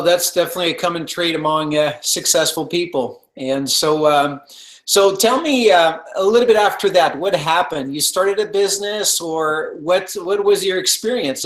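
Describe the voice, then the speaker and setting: A man's voice: a little high, normal speed, fairly bright tone. A man hosting an interview, asking curious, carefully framed questions. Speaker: interviewer host. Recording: echoey room.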